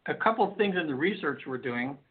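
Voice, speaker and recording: A man's voice: on the high side, animated, quick pace, husky. A male hypnotherapist guest on a call-in radio show, telling stories in a rambling way with many restarts. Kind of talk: storytelling in a call-in radio interview. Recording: phone-like lo-fi line.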